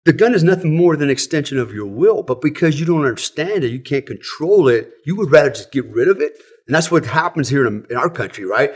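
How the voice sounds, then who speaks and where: A man's voice: a little high, lively intonation, quick pace. Blunt, profane man spinning stories. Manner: blunt, profane, chuckles often. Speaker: podcast guest, former special operations soldier. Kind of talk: casual storytelling in a podcast interview.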